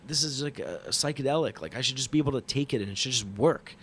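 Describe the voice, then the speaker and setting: A man hosting a podcast, telling a travel story in a casual, animated and profane monologue that mocks himself. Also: mid-range voice, quick pace, slight background noise. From New York. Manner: profane, animated, self-mocking retelling.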